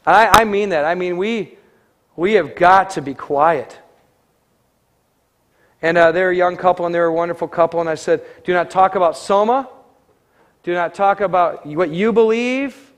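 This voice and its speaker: A man's voice: sits high, normal speed, pauses often. A man preaching in a conversational sermon, telling a story and acting out the dialogue. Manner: conversational, animated, acts out quoted dialogue. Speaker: pastor.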